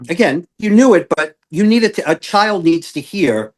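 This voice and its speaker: A man's voice: on the high side, expressive, unhurried. A man, a guest coach, earnestly telling an emotional personal story with many fillers and restarts. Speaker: guest, self-awareness coach.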